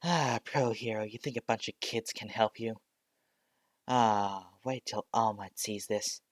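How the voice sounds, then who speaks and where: A man's voice: fairly low pitch, measured pace, no echo, natural voice. Sneering villain boss, mocking , a young man putting him on in an amateur story read. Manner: mocking, taunting. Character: sneering male villain leader.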